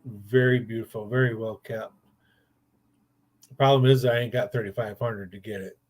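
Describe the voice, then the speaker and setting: A man's voice: on the low side, steady tone, moderate pace. An older man, a grandfather, hosting a casual chat show and telling rambling stories in a blunt, profane way. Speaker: podcast host.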